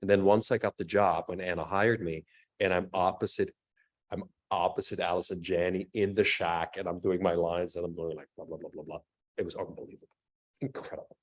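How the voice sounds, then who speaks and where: A middle-aged man speaking in a fairly low voice as an interview guest. He tells his stories with energy and jumps into other people's lines as he quotes them. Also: brisk. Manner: animated storyteller, acts out quotes. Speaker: actor and fight coordinator guest. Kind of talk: casual interview storytelling.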